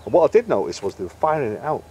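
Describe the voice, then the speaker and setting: Talking very fast, this middle-aged man's medium-pitched, slightly mellow voice swings widely in pitch as he tells fishing stories. He's a carp angler and bait maker guesting on a casual storytelling interview, chatty and anecdotal, acting out quoted dialogue. A little hiss or hum can be heard.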